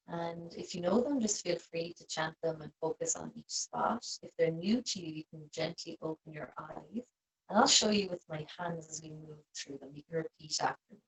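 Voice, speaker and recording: A woman yoga teacher guiding a restorative class in a soft, gentle, calm way. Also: lowish voice, rough recording. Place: seated on a cushion.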